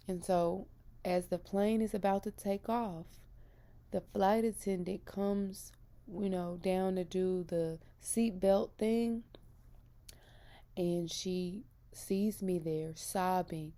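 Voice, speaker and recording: Retelling her faith story with feeling, this woman in her thirties, a Christian vlogger, speaks earnestly and emphatically. Her voice is on the low side, creaky and dark in tone.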